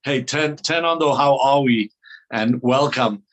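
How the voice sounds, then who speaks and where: A man's voice: mid-range voice, measured pace. A South African man leading an online training call, greeting attendees with playful, upbeat banter over a video call.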